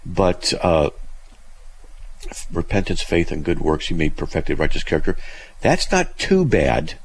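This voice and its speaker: A man hosting a theology call-in radio show talks in loose, rambling sentences packed with fillers, breaking into emphatic, scornful bursts of high-pitched exclamation. His voice is sing-song and a little slow, on a low-quality recording with slight background noise.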